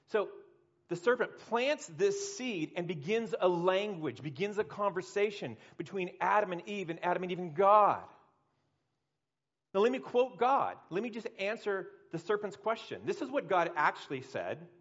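A man preaching a sermon as pastor, animated and acting out the voices he quotes, from swelling to hushed. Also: high voice, moderate pace, lo-fi sound.

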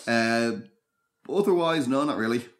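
A man's voice: mid-range voice, a little slow. A man co-hosting a podcast, talking things over in a thoughtful, hesitant way with many restarts. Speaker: podcast co-host. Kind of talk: casual chat.

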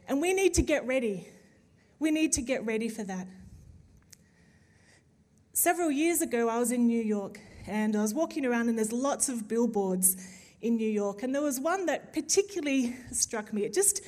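Lively woman preaching a sermon. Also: a little high. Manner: humorous, animated storytelling with emphatic build-ups.

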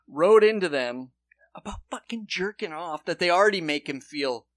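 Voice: mid-range voice, expressive, moderate pace, no room sound, clean studio sound. A podcast co-host reacting to a comedy sketch with profane, exasperated commentary.

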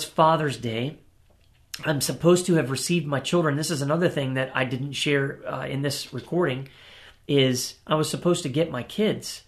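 Brief: earnest male preacher telling his testimony, slightly high voice, gravelly edge. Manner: earnest, storytelling, direct to listeners. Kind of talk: sermon-style personal testimony.

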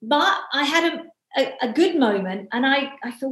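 Chatty woman with a high voice. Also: expressive, fairly bright tone. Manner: chatty storyteller, quick asides. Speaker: podcast co-host. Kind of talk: casual faith discussion. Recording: echoey room.

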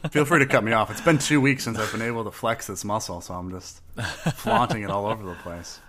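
A man's voice: on the low side, a crowd in the background. A man co-hosting a podcast, chatting casually and rambling with lots of jokes and laughs. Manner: rambling, jokey, quick to laugh. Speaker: podcast co-host. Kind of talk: casual chat about a tabletop character.

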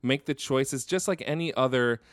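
A man's voice: medium pitch, normal speed, no room sound, studio quality. A young man with a Northern Michigan accent co-hosting a casual movie chat, thinking aloud earnestly and swearing freely. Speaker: podcast co-host.

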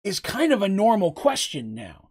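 Rambling game master, slightly high voice. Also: male voice, huge pitch swings, normal speed, a little mellow, slightly rough. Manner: rambling, heavy on fillers, laughs often. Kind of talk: casual tabletop storytelling and Q&A.

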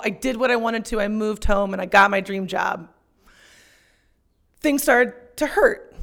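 A young woman telling a personal story on stage, profane and self-mocking, shouting out her punchlines. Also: on the high side, vocal fry.

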